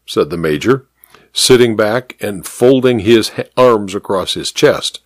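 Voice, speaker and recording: A man narrating a story in a wry, expressive reading style. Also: lowish voice, a little slow, dry recording.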